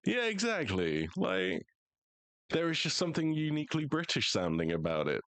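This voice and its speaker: A man's voice: mid-range voice, wildly swooping pitch, a little slow, a bit bright, no room sound. A young American man streaming a game, chatting casually in profane, joking banter. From United States. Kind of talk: casual live gaming chat.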